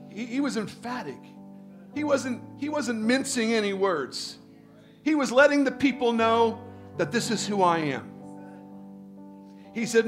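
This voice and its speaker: A male pastor preaching a sermon, reading scripture and building to emphatic, loud peaks. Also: sits high, lively intonation, moderate pace, music in the background.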